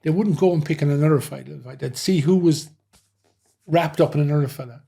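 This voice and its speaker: Brief: middle-aged man, ex-doorman guest, dark husky voice, loose rambling storyteller. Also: fairly high pitch, a little fast. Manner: rambling anecdotal telling, frequent "you know". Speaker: former nightclub head doorman, guest. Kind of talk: casual interview storytelling.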